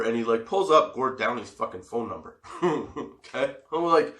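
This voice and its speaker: A man hosting a comedy podcast and telling a personal story, animated, swearing a lot and breaking into laughs as he acts out what people said. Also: mid-range voice, moderate pace, roomy sound. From Canada. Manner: animated, swearing, laughing often, acting out quotes. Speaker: podcast host.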